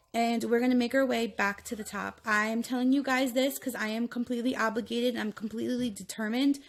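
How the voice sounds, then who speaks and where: A woman in her thirties talking candidly into her phone in a confessional vlog, earnest and emotional, rambling and restarting her sentences. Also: on the high side. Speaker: vlogger.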